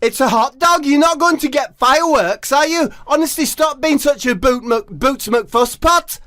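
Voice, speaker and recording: A man's voice: very high voice, moderate pace, pushed and bright, voice pushed up. Man doing a blunt, bossy lad. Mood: exasperated. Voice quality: blunt, scolding. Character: brash, bossy young male team leader.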